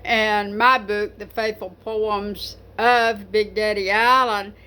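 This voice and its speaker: A woman's voice: mid-range voice, level tone, slow, pushed and bright. A woman talking casually to camera about writing poetry, rambling with many fillers and restarts. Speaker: poetry vlogger.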